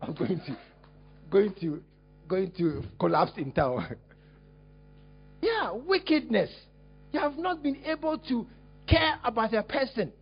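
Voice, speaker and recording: High-voiced husky male preacher, animated. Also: unhurried, pauses often, faint music behind. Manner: animated, exclamatory, teasing the congregation. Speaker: pastor. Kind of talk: lively sermon with acted-out demonstration. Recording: dull lo-fi recording.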